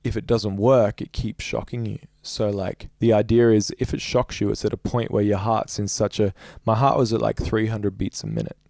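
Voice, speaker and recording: A man's voice: lowish voice, level tone, normal speed, gravelly, few pauses, a little mellow, dry recording, clean studio sound. A man, a young adult musician, recounting a story in a casual interview with a rambling, filler-heavy way of talking. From Australia. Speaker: musician guest.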